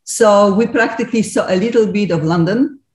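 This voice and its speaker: A woman's voice: mid-range voice, fairly quick, darkish tone, reverberant, slight background noise. Enthusiastic Polish-accented woman radio host. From Poland. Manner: enthusiastic, lightly broken English. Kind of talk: radio interview.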